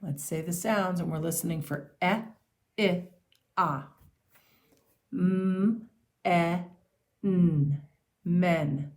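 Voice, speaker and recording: A woman teaching young children to sound out and write simple words, speaking slowly and clearly. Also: fairly low pitch. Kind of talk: early-reader phonics and handwriting lesson.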